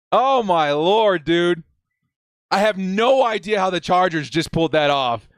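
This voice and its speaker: A young adult man hosting a live fan watch party stream, excitedly shouting reactions and reading chat messages aloud. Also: high-pitched, a little slow, smooth, no room sound, studio quality.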